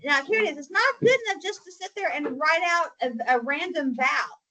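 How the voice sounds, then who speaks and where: A woman's voice: high voice, animated, a little fast, pushed and bright, poor audio. A woman teacher leading a spelling lesson in a classroom, patient and coaxing, often saying mm-hmm.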